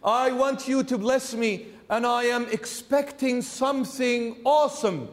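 A man doing a shrill, indignant worn-out wrestler. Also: unhurried, big-room sound. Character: desperate exhausted male wrestler pleading for blessing.

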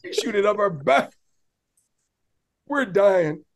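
Animated man telling basketball stories. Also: sits high, slow pace. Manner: animated, laughing, acts out quotes in raised voice. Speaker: podcast guest, basketball coach. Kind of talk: casual storytelling.

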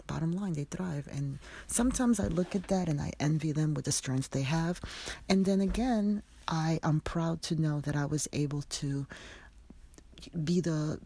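Husky, emotional woman podcast host. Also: rumbling low, warm tone. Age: middle-aged. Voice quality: husky, gravelly. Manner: emotional, heartfelt, often drops to a whisper. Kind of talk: casual solo podcast talk.

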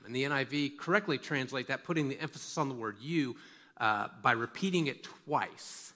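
A male pastor delivering a sermon with a bright, forceful tone. He preaches emphatically, repeats words for stress and puts questions straight to his listeners. His voice sits at an ordinary pitch for a man. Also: normal speed. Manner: asks listeners direct questions.

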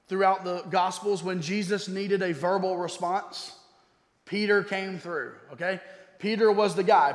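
A man preaching a sermon as pastor. He is emphatic, slows down to stress key words and drops suddenly to a quiet voice. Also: high voice. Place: church sanctuary. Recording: echoey hall with long reverb.

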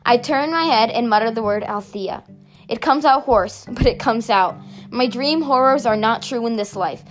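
A woman with a somewhat high voice reads a first-person story aloud. Her delivery is steady and softly expressive, and faint music plays beneath her narration. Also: moderate pace.

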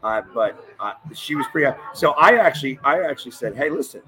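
A man co-hosting a casual sports talk show, telling lively anecdotes and quoting people in a raised voice. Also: medium pitch, brisk, low-quality recording. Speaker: podcast co-host. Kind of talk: casual chat, storytelling.

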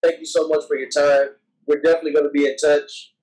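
A man hosts a podcast in relaxed conversation, eager and tripping over restarts as he talks. His voice sits a little away from the microphone. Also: fairly high pitch, fast talker, far from the mic, low-quality recording. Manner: restarts and stumbles, enthusiastic. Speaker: podcast host. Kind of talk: casual chat.

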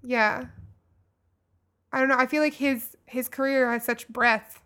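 Higher-pitched woman in casual chat. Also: fairly even intonation, a little slow, sharp tone, smooth. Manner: hesitant, lots of ums and restarts. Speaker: podcast co-host.

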